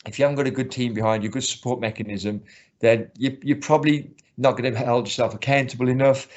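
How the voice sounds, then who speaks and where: A man's voice: medium pitch, fairly even intonation, fast, darkish tone. A man who coaches martial arts, talking earnestly in a casual interview and often restarting his sentences. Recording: slightly muffled lo-fi recording.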